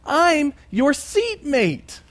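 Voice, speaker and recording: A woman's voice: sits high, big pitch swings, very slow, voice pushed up, exaggerated voice. A man doing a cheery pushy middle-aged woman. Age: 50s. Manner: cheery, sing-song.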